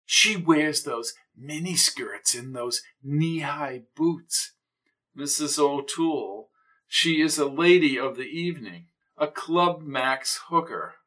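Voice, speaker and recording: A man voicing a fussy, irritable older gentleman who speaks with prim, exasperated, precise diction in an audiobook. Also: fairly high pitch, animated, takes it slowly, recorded from a distance, exaggerated voice. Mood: lecturing.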